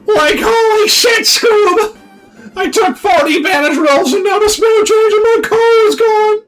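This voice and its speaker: A man doing an impression of a goofy young male cartoon slacker, whiny and yelling in a panic. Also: very high-pitched, measured pace, faint music behind, voice pushed up, rough recording. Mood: panicked.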